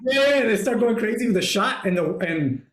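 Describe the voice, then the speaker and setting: A man hosting a casual movie review chat, retelling scenes excitedly and swearing a lot. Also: high-pitched, normal speed. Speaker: podcast host. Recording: roomy echo.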